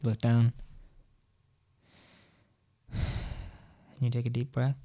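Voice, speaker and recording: A man's voice: medium pitch, level tone, extremely slow, warm tone. A man casually telling a rambling story in the second person, with playful asides.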